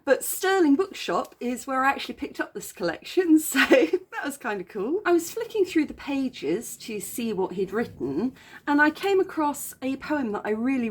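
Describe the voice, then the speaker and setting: An English woman chatting about books in a casual explanatory way, with frequent ums and self-corrections. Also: fairly high pitch. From England. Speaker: book vlogger.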